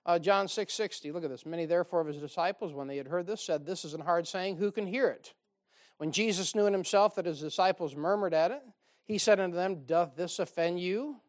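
A man's voice: high-pitched, fairly quick. A man preaching a sermon, telling folksy stories with dry sarcasm. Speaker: pastor.

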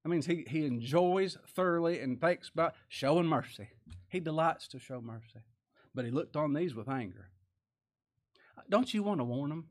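Male pastor, slightly high voice, sermon with big swings between loud and quiet. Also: expressive, fairly quick. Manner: preaching with sudden rises in pitch and volume, dropping to quiet asides.

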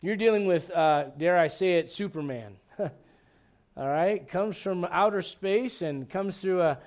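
High-voiced animated preacher man. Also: a little slow. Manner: animated preaching with humor and rhetorical questions. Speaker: pastor. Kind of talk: sermon.

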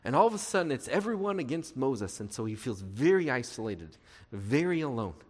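Male pastor of medium pitch, preaching earnestly in a conversational style, heard in a big echoing hall. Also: very animated, brisk. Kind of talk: sermon. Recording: reverberant hall.

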